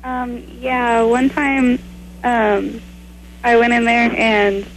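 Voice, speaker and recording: A woman calling a radio show, telling a short story haltingly with ums. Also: on the high side, little pitch movement, slight background noise, rough recording. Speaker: caller. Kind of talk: phone-in chat.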